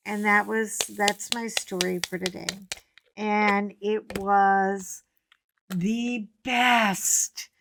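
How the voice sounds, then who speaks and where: A middle-aged woman chatting casually to her viewers while crafting at home, telling a story with animated bursts and laughter. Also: mid-range voice, takes it slowly. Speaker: vlogger.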